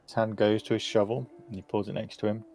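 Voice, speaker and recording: A man narrating as game master, relaxed and hesitant with frequent fillers. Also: lowish voice, quick pace, gravelly. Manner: relaxed, hesitant with many ums.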